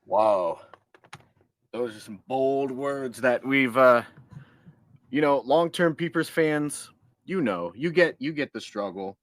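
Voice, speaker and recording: On a couch at home, a man co-hosting a podcast keeps the chat playful while beckoning his dog to the microphone. He speaks slowly in a mid-range voice, and there's no room sound.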